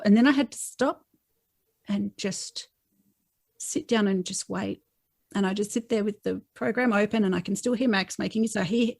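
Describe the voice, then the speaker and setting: An Australian woman talking in a relaxed, chatty way, with a gravelly, fry-tinged voice at an ordinary pitch. She slips into little put-on voices for quoted lines as she tells a story, and the sound is dry and close. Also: no room sound. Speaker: author guest. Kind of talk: casual interview chat.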